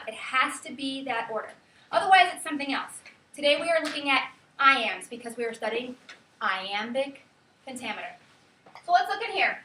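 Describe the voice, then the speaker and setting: A woman's voice: sits high, expressive, normal speed, sharp tone, slight background noise. A woman teaching a class, sometimes calling words out in a sing-song way to show syllable stress. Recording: echoey classroom, mic far off.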